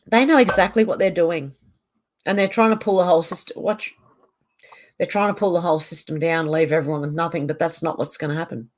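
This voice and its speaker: A middle-aged Australian woman with a lowish, steady voice talks fairly quickly while livestreaming casually from her home on a mountain. She reads viewer comments aloud and responds to them.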